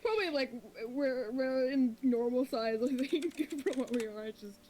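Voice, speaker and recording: A woman's voice: sits high, animated, normal speed, a little mellow, a little hiss or hum. A woman player in a tabletop game, chatting casually and giggling often.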